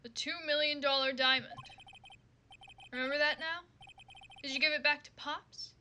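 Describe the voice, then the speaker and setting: A woman voicing a cocky male lawyer who talks in a low, teasing drawl. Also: fairly even intonation, moderate pace, sharp tone, a little hiss or hum.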